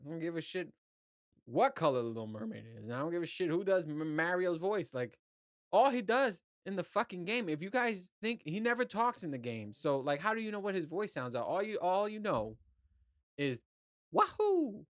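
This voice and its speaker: A man's voice: high-pitched, sing-song, moderate pace, dry recording, studio quality. A man hosting his own podcast, talking in a loose, rambling and profane way. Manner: rambling, profane, laid-back. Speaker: podcast host. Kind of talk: casual solo podcast monologue.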